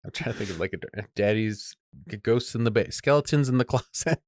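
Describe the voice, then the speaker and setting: A man's voice: lowish voice, fairly quick, a little mellow, no echo, clean studio sound. A man co-hosting a podcast in casual chat, laughing often and rambling through his points. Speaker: podcast co-host.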